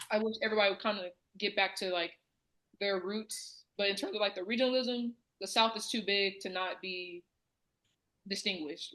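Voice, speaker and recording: A woman's voice: medium pitch, fairly bright tone, low-quality recording. A woman from the American South, co-hosting a podcast in casual chat, talking loosely with plenty of fillers. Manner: chatty, many fillers. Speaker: podcast co-host.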